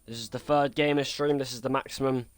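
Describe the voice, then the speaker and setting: A man streaming a football video game, doing his own match commentary that swings from quiet musing to shouted goal calls. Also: medium pitch, fairly even intonation, fast, dry recording. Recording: noisy background ambience.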